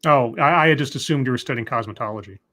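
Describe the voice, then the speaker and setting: A livestream host runs a live call-in stream, chatting casually and cracking jokes, full of fillers and restarts. His medium-pitched voice is fast, pushed, and bright.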